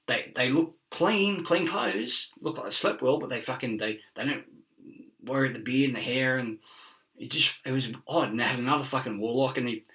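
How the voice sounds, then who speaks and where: A man's voice: medium pitch, fairly bright tone. Profane rambling man, distant mic. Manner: profane, laughing, chasing wordplay and word origins. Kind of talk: rambling monologue.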